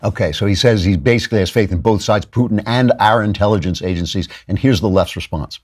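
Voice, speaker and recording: A man hosting a political commentary show, delivering a sarcastic, animated monologue. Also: fairly low pitch, fast, breathy edge. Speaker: host.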